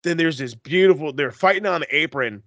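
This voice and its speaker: A man recapping wrestling on a podcast, swearing freely and turning animated whenever he acts out what people said. His voice is bright and cutting, recorded close and dry. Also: fairly quick, no room sound. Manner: animated, profane, acts out quotes with big pitch jumps. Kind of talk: casual chat.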